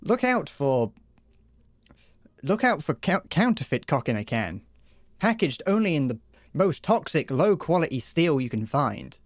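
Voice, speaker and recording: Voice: medium pitch, big pitch swings, unhurried, dry recording, clean studio sound. A livestreamer improvising a silly mock advert while gaming, giggling and stumbling over words.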